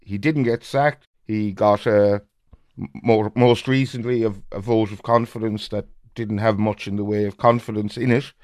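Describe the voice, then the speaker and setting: A man's voice: lowish voice, steady tone, normal speed, a little mellow, dry recording, clean studio sound. A man chatting on a football podcast as a pundit, telling things emphatically with a wry edge. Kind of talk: casual podcast chat.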